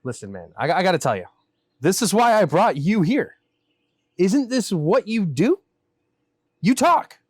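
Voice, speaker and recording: A man's voice: high-pitched, very animated, measured pace, pauses often, slightly rough, dry recording. A man hosting a comedic chat outdoors in a backyard, grumbling and mock-exasperated. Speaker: host. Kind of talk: comedic casual banter.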